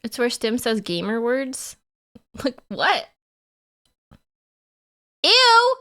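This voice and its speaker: A woman's voice: on the high side, slow pace. A woman livestreamer chatting casually with her chat in a playful, giggly way.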